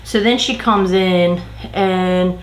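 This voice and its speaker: A woman's voice: fairly low pitch, takes it slowly. A woman vlogger chats through a workplace storytime while doing her makeup. She retells the story with lots of "like" and acts out what her coworkers said. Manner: animated retelling, acting out quoted coworkers, heavy use of "like". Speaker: beauty vlogger. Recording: roomy echo.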